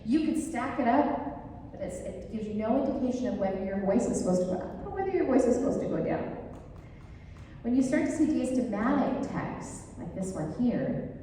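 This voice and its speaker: A woman's voice: a little high, animated, moderate pace, dark tone, a little hiss or hum. A woman giving a casual, chatty classroom lecture, enthusiastic and sprinkled with fillers. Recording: echoey hall, voice far from mic.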